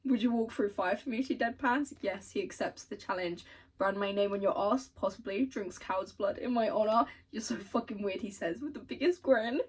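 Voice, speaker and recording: A woman's voice: medium pitch, moderate pace, breathy edge, recorded from a distance, low-quality recording. A young woman book vlogger chatting casually and gushing over quotes she reads aloud, swearing now and then. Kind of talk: casual chat and reading aloud.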